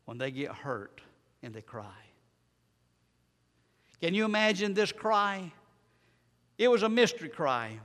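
A man preaches a sermon, pushing certain words out loud and letting others drop almost to a hush. His voice sits a little higher than most men's, and a long reverb trails after each phrase. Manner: dramatic swings between loud and soft, repeated rhetorical questions.

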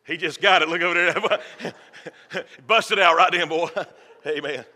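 This clip captures a male pastor whose voice leans high and sharp, speaking at a moderate pace. He preaches fervently in a folksy way from the church sanctuary, joking with those gathered, with long church reverb on the recording.

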